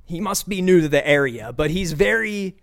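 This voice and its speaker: An American podcast host in his twenties, with a fairly high, gravelly voice, rants through a casual comedic monologue. He's animated and profane, breaking into quick bursts of enthusiasm.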